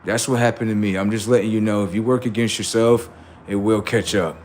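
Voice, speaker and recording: A man hosting a livestream, telling casual stories to his viewers in an animated way, swearing freely and acting out voices. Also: lowish voice, brisk, a little hiss or hum. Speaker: livestream host.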